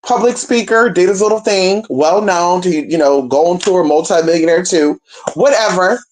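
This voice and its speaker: A woman's voice: on the low side, normal speed, darkish tone, a little hiss or hum. A brash, profane woman from Northern California telling a gossipy story and talking straight to her viewers. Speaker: storyteller vlogger. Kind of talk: casual storytime chat.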